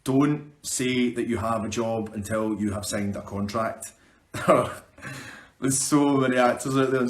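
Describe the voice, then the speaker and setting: A man's voice: mid-range voice, unhurried. A young Scottish man, an actor, chatting upbeat on a live stream as he answers viewer questions. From Scotland. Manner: chatty, upbeat, restarts words. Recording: roomy echo.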